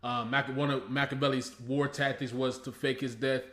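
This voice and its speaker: A man's voice: medium pitch, little pitch movement, normal speed, a bit bright. A man hosting a reaction video, breaking down a rap song in casual, slangy and profane talk, often restarting his sentences and using fillers. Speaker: host reacting to a rap track. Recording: roomy echo, faint music behind.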